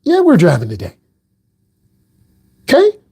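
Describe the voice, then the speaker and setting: With a high voice at a moderate pace, this middle-aged man from the American Midwest teaches someone to drive. His casual instruction is direct, blunt and full of teasing.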